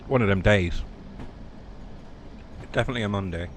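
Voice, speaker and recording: Low-voiced West Country man streaming. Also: normal speed, a little hiss or hum. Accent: West Country English. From South West England. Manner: rambling, self-mocking and chatty. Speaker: train game streamer. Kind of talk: casual live game commentary.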